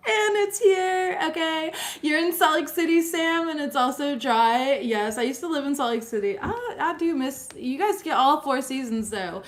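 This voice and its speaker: Young woman doing a live tarot stream, kinda high voice, chatty, lots of "like" and "okay?". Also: normal speed, few pauses. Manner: chatty, filler-heavy, often checks in with "okay?". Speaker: tarot reader. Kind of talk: live-streamed tarot reading, casual chat.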